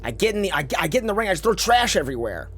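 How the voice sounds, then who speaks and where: A man's voice: high-pitched, sing-song, very fast, slight background noise. A man streaming a game, chatting casually in a rambling way with campy slang and reading chat aloud. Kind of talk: casual live-stream chat while gaming.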